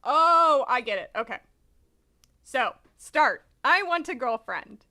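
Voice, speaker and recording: A woman streamer reading a manga aloud, chatty and animated, swearing freely. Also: on the high side, normal speed. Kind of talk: casual live-stream commentary.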